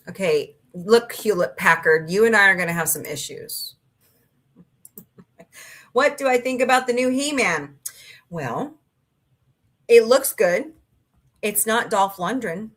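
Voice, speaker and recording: A woman's voice: medium pitch, fairly bright tone. Casual middle-aged lady on a stream, rambling chatty stories, cusses a bit. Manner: chatty, rambling storyteller with mild swearing. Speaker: livestream host. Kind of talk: casual chat reading viewer comments.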